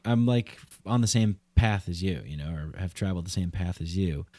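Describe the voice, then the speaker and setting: A man's voice: low-pitched, brisk, dark tone, no room sound. A man hosting a podcast, talking in a loose, rambling way full of "like" and "you know". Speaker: podcast host. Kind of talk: casual conversation.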